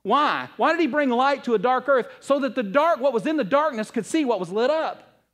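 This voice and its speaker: A man preaching a sermon, asking the audience questions and swinging between loud passages and hushed ones. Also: very high voice, lively intonation, normal speed. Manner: asks the audience rhetorical questions. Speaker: pastor.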